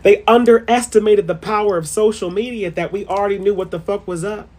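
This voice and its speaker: Brief: excitable vlogger, cusses freely, mid-pitched voice, jumps from shouts to near-whispers. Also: brisk. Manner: profane, excitable, swings between shouting and murmuring. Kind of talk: casual spiritual rant.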